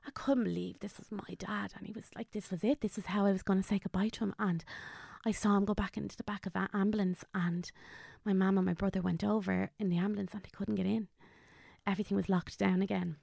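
A woman, a podcast guest, telling a painful family story in a halting way, her voice sinking to a hush at the hardest parts. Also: medium pitch, fairly even intonation, creaky, no echo, clean studio sound. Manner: halting, drops to a hushed near-whisper on painful memories. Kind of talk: emotional personal storytelling.

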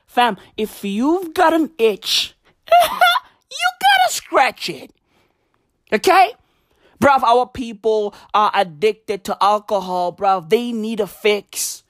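A woman's voice: mid-range voice, takes it slowly, no echo, clean studio sound. A woman delivering a comedic rant, profane and slangy, hammering her points with repetition. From South Africa.

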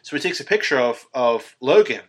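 A man's voice: mid-range voice, big pitch swings, brisk, fairly bright tone. A young man in a casual chat about a film, rambling with lots of fillers and swearing freely. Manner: rambling, profane, many fillers.

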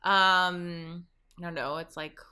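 A woman's voice: lowish voice, steady tone, extremely slow, sharp tone, clean tone. A woman from Canada, hosting a podcast in a rambling, profane, casual chat and laughing at her own jokes. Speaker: podcast host.

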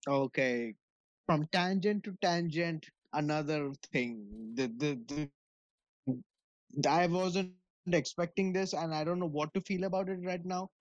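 A man's voice: on the high side, a little slow, no echo, highs cut off. A man in casual chat about movies, laughing and rambling as he talks, swearing freely.

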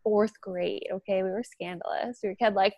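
A woman's voice: mid-range voice, steady tone, normal speed, a little mellow, dry recording. Woman podcast co-host, easygoing chat, mid voice, dry recording. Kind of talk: casual chat about a TV show.

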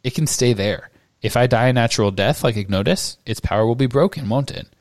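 A man voicing a weary teenage boy wizard in a quiet, subdued way. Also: mid-range voice, a little fast, no room sound, studio quality, lightly acted.

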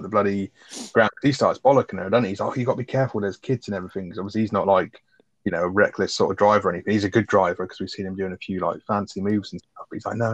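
A man's voice: lowish voice, no echo, lo-fi sound. A man, co-hosting a casual film review chat, sweary and chatty, laughing as he retells scenes. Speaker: podcast co-host.

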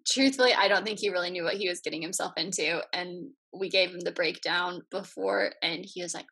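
A woman's voice: on the low side, a little fast, sharp tone, husky. A woman from the United States co-hosting a casual podcast, upbeat, chatty and enthusiastic. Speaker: podcast co-host.

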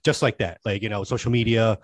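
A man's voice: on the low side, fast talker, no room sound. A man in his forties co-hosting a podcast, chatting casually and rambling through stories. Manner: rambling storyteller, chatty and animated. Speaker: podcast co-host. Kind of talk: casual chat.

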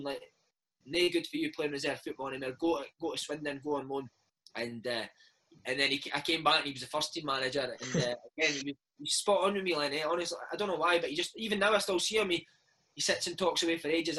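A Scottish man in his thirties, a former footballer telling animated stories in a casual interview chat, dropping "mate" into every other line. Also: a little high, poor audio. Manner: animated storytelling, peppered with "mate". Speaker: former footballer and podcast host, interview guest.

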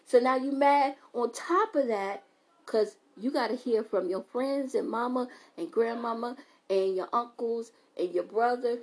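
A woman podcast host, giving an animated, preachy, comedic motivational monologue and laughing between lines. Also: on the high side, unhurried, poor audio.

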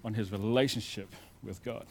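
A male pastor preaching a sermon in a conversational storytelling way, moving between loud emphasis and quiet asides. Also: fairly low pitch, fairly even intonation, moderate pace, gravelly, slight background noise.

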